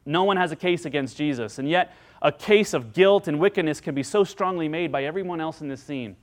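Speaking briskly with barely a pause, a pastor delivers an earnest sermon to his congregation, and his pitch and volume climb as he gives voice to the figures he quotes.

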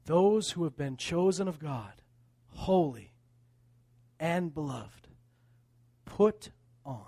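Male pastor, high voice, dry, dead sound; fervent sermon delivery with dramatic loud-soft swings. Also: expressive, slow pace, husky, no echo. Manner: preaching with sweeping swings between quiet and loud; repetitive, emphatic phrasing.

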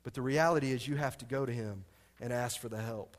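A man's voice: medium pitch, a little fast. A middle-aged man preaching a sermon as pastor, telling stories, asking the congregation questions and adding joking asides. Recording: long hall reverb.

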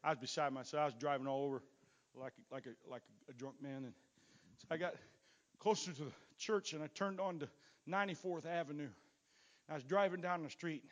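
A man's voice: fairly high pitch, brisk. A pastor telling his testimony from the pulpit to a congregation, in a folksy, storytelling manner that stumbles into repeated words. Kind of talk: sermon testimony.

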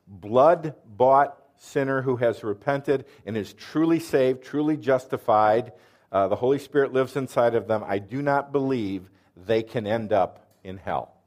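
A man's voice: medium pitch, darkish tone. A man preaching a sermon, explaining verses earnestly and quizzing his listeners with questions. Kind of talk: sermon with quiz questions to the audience.

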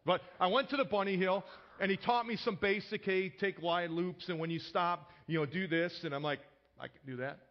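A man with a fairly high voice delivers a sermon in an easy, conversational way. He tells personal stories and often restarts sentences by repeating a word, and the recording sounds dull and lo-fi. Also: fairly quick. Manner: conversational, repeats words when starting sentences. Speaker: pastor.

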